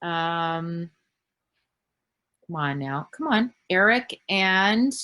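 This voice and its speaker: A woman's voice: on the low side, animated, extremely slow, long pauses, pushed and bright. A woman in her thirties from Canada, an actress answering fan questions in a casual virtual panel over a video call, rambling with lots of fillers and the odd swear word.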